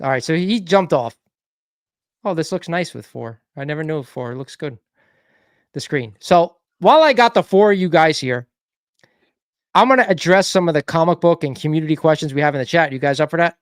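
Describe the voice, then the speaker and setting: Guy hosting a live call-in, keeps restarting, calm mediator, pretty high voice, dry sound. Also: a little fast, no room sound. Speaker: host. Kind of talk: live online call-in discussion.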